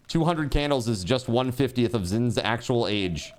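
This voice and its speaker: A man livestreaming and reading out donations in casual chat. He swears, says dude a lot, and bursts into laughter and shouting. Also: mid-range voice, expressive, a little slow. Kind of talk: live stream donation reading.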